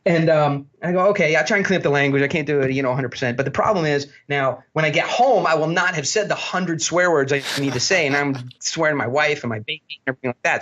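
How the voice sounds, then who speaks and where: A man talking as a podcast guest, telling blunt, animated stories and swearing freely. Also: on the high side, fast talker, few pauses, dull audio. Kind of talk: storytelling interview talk.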